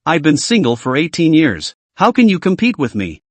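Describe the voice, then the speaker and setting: A man's voice: on the high side, huge pitch swings, normal speed, no room sound. A man voicing a cocky, foul-mouthed young male hero in a comic story recap, mocking and crude.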